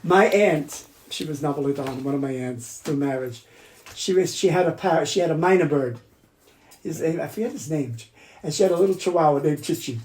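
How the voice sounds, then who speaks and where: With a slightly high, slightly mellow voice and a slightly fast pace, an older accordionist from New York City shares profane, chatty stories about his family. The casual interview takes place in a room at his Queens home, which echoes noticeably.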